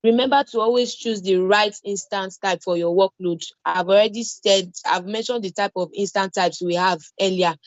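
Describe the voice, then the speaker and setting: A woman's voice: mid-range voice, normal speed, hardly any pauses, no echo, muffled recording. A woman with a Nigerian English accent teaching an online cloud security class, repeating key points and reassuring with everyday examples. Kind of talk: online training lecture.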